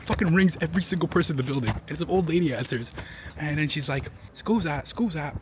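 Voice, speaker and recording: A man's voice: on the high side, fast, background noise. A young man chatting casually to a handheld camera as a travel vlogger, swearing often and rambling through his stories. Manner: profane, rambling storyteller.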